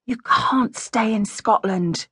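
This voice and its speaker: Woman playing a soft, pleading young lady, audiobook romance heroine, dry close mic. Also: on the high side, slow pace, husky, no room sound, voice pushed up, exaggerated voice. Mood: tender. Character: gentle young English gentlewoman.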